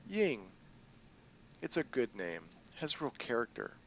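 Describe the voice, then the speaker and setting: A man doing a sly older woman crime boss for a game playthrough, all coy sing-song and pet names. The voice sits a bit higher than his own with a gravelly edge, on a dull, lo-fi recording with faint background noise. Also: sing-song, slow, heavily acted. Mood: teasing. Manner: coy, sing-song, calls people dear and sweetie.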